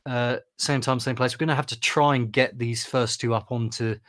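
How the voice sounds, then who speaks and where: A man's voice: mid-range voice, fairly even intonation, moderate pace, a bit bright. A man from England co-hosting a podcast in casual, jokey chat while wrapping up an episode. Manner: chatty, jokey sign-off banter. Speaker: podcast co-host.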